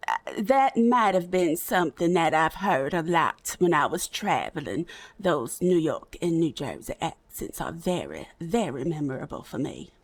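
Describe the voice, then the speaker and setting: A woman's voice: sits low, sing-song, moderate pace. A woman streamer chatting in character in a roleplay game, folksy and talkative, calling people honey and darling. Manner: folksy, chatty, calls others honey and darling, laughs often. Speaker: roleplay streamer playing a saloon hostess type.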